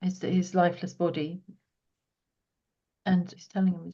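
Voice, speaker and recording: A woman hosting a podcast, talking a client through an intuitive reading in a soft, earnest way that drops to a hush as she relays what she senses. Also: fairly low pitch, level tone, a little slow, long pauses, dull audio. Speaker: podcast host and property healer.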